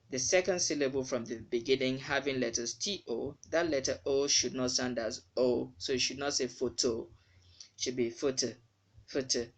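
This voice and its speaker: A pronunciation teacher with a mid-range, slightly bright voice gives a spoken English lesson. He carefully repeats words to model the sounds.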